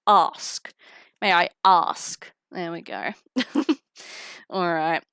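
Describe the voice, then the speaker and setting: A woman's voice: fairly low pitch, steady tone, drawn-out words, a bit bright, clean tone, no echo, studio quality. A young woman chatting casually on a live stream while opening trading cards, giggling and greeting viewers through a headset mic. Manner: chatty, giggly, talks to chat while unboxing. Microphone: headphones with mic.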